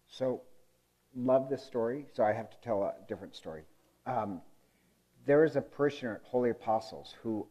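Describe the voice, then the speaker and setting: A man's voice: medium pitch, dark tone. A man preaching a conversational sermon, telling a story in a chatty, amused way with many ums and uhs. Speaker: pastor.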